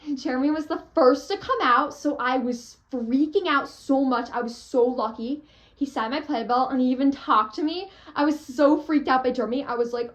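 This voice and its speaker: A teenage girl gushing about a theater trip, breathless and full of "like" and "oh my gosh". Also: high-pitched. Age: teens. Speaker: theater fan vlogger. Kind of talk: excited storytelling.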